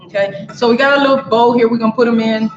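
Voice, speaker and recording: A chatty woman with a fairly high, fairly even voice talks fast while hosting a casual live cooking stream, speaking straight to viewers from her home kitchen. A camera on a stand captures a roomy, dull kitchen sound with a noisy background.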